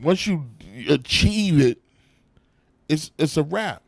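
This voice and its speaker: A man, an actor and comedian, telling profane, animated stories in a casual interview backstage at a comedy club. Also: a little high, takes it slowly, gravelly, crowd noise. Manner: profane, animated storytelling with acted-out quotes.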